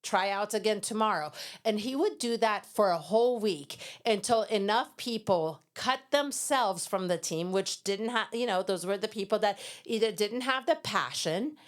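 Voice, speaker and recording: A middle-aged woman from Iran, a guest in an interview, telling lively stories and acting out quoted voices with laughter. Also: medium pitch, moderate pace, few pauses. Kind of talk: storytelling interview.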